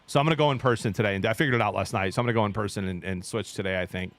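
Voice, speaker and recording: A man's voice: fairly low pitch, very fast, a bit bright, dry recording. A man in his thirties, a streamer, telling a rambling story in casual chat with his viewers.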